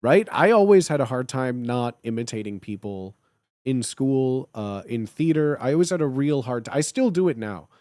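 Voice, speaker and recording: A man's voice: mid-range voice, expressive, normal speed, darkish tone, no room sound, clean studio sound. A man with a Chicago accent, rambling in casual stream chat with plenty of filler "like". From Illinois. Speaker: live streamer.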